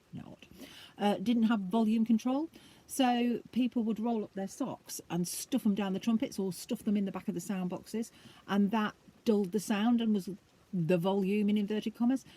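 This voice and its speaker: A woman rambling chattily to camera, with a husky voice and frequent fillers. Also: medium pitch, darkish tone. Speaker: vlogger and collector. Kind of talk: casual chat.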